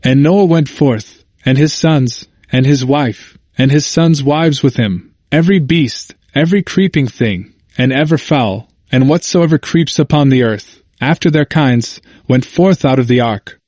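Man, scripture reading, deliberate short clauses, dry close sound. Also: mid-range voice, a little mellow, no room sound. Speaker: reader of a Bible commentary. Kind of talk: measured scripture reading and commentary.

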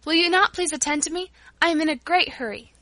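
An excited little girl from a storybook, bright and high, bursting with eager exclamations, as a woman reader puts her on. The sound is close and dry, with no room around it. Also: a little fast, dry recording.

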